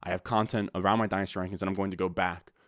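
Low-voiced man giving fantasy football takes. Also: flat delivery, rapid-fire, dry recording, studio quality. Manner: enthusiastic, repetitive emphasis. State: losing his voice, throat clearing. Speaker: fantasy football content creator. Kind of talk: casual video commentary.

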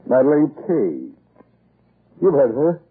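An actor playing a pompous, blustering older English lord in 1940s radio acting, who stammers with "uh" when cornered. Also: male voice, medium pitch, huge pitch swings, unhurried, breathy edge, exaggerated voice. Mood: evasive. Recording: muffled lo-fi old radio broadcast.

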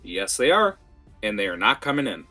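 A man running a tabletop game as game master, talking in a lively, rambling way with fillers. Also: fairly low pitch, moderate pace, faint music behind.

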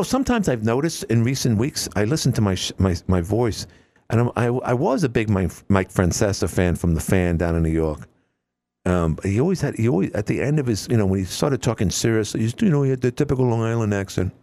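A man hosting a solo call-in radio talk show, rambling and opinionated, with many restarts. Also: lowish voice.

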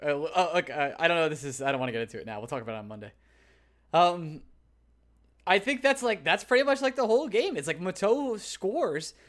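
A man with a slightly high voice co-hosts a sports podcast. He talks in a relaxed, agreeable way and often chimes in with short replies. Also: brisk. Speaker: podcast co-host. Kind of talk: casual sports podcast chat.

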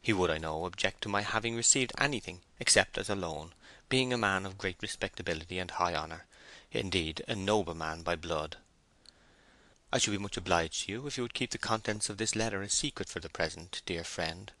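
A man gives voice to a naive, hopeful young woman in an audiobook, reading out her letter. He reads politely and earnestly in a deep, bright voice. The sound is dry and close. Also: brisk, no room sound.

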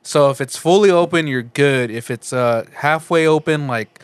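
A man's voice: on the high side, moderate pace, clean tone, dry recording. A young man in casual chat, laid-back and profane, hesitating as he explains.

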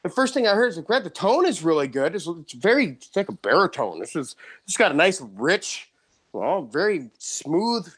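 A man hosting a podcast, telling a story in casual chat, excited, with frequent restarts and laughs. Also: on the high side, normal speed, husky. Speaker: podcast host.

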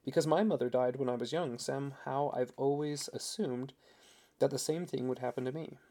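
A man reading a young wife's lines in a raised, playful voice, gentle and teasing. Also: medium pitch, normal speed, close to an everyday voice. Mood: earnest.

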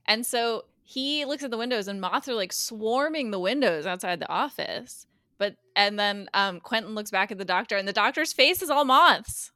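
A bright-voiced woman tells the story of a TV episode in casual podcast chat, slipping into the characters' lines with quick shifts of voice. She is recorded close on a dry mic with no room sound. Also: mid-range voice, expressive, dry recording. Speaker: guest co-host recapping a TV episode.

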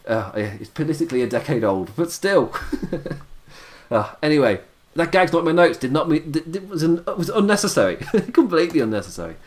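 A man's voice: a little high, sing-song, a little fast. A tired man hosting a casual podcast, chatty and laughing often, his voice wearing out. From United Kingdom. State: tired, voice going. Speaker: podcast host reviewing wrestling. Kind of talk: casual chat.

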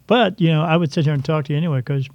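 A man with a fairly high voice hosts a casual talk show, speaking very fast over a faint hiss or hum. He rambles and jokes, restarting often, and the lo-fi recording sounds dull and dry.

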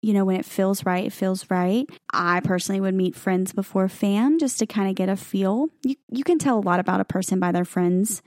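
A woman's voice: mid-range voice, a little fast, few pauses, darkish tone, no room sound, clean studio sound. A young woman co-hosting a podcast, chatting casually with plenty of fillers and laughs. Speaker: podcast co-host. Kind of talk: casual chat.

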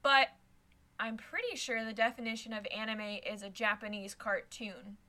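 A woman's voice: on the high side, normal speed, pushed and bright. A woman co-hosting a podcast in casual chat, playful and teasing with her guests. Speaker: podcast co-host.

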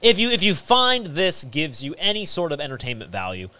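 A man's voice: a little high, wildly swooping pitch, fairly quick, pushed and bright. A man hosting a podcast in a small studio, chatting casually and rambling with many fillers and restarts. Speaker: podcast host. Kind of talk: casual chat.

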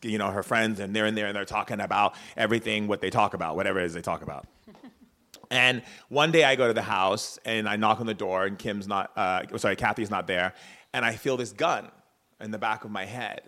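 A man telling personal stories in an earnest, preachy talk, swinging between hushed and loud. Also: fairly low pitch, fairly quick. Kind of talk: spoken storytelling talk.

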